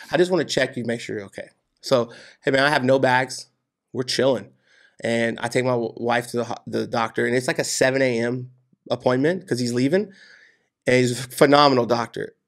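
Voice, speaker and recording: Gravelly-voiced man telling stories animatedly. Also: medium pitch. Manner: animated, swears, says "dude" and "man". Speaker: podcast guest. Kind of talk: casual storytelling interview.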